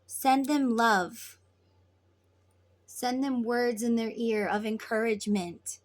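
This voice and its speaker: A woman's voice: fairly high pitch, fairly even intonation, takes it slowly. A woman tarot reader giving spiritual advice in an earnest, casual way, repeating herself and swearing now and then.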